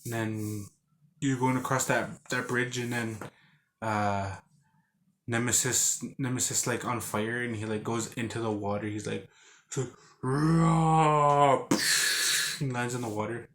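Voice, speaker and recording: A man's voice: fairly low pitch, level tone, normal speed, a bit bright. A man casually recapping a video game he played, rambling with lots of "like" and restarts, and acting out characters with growls and sound effects. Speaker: game reviewer.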